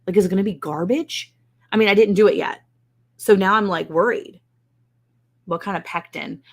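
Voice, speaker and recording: At home indoors, a woman hosts a casual live ranch stream, answering viewers' comments in a chatty, wry, self-mocking way. Her voice is medium-pitched and moderately paced.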